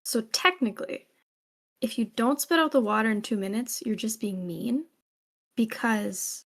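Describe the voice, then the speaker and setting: A woman's voice: a little high, lively intonation, unhurried. A woman contestant hesitantly reasoning through her turn. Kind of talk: casual game-show banter.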